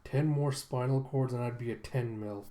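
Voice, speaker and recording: A man's voice: medium pitch, moderate pace, dark tone, close to an everyday voice. A man reading as a young fugitive muttering. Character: young male fugitive counting his money.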